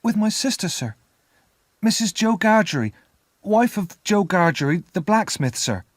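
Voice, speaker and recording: A frightened little boy, played by a man reading aloud, high and trembling as he begs and explains politely. The voice leaps around in pitch, and the recording is dry and close. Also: sing-song, unhurried, dry recording. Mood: anxious polite. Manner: pleading, high and shaky. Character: frightened small orphan boy, timid and polite.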